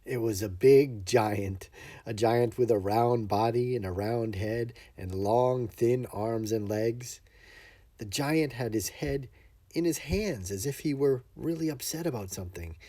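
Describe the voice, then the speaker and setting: Expressive man telling a children's story. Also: mid-range voice, a little slow. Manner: animated and expressive, asking children questions. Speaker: storyteller and illustrator. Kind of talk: interactive storytelling for young children.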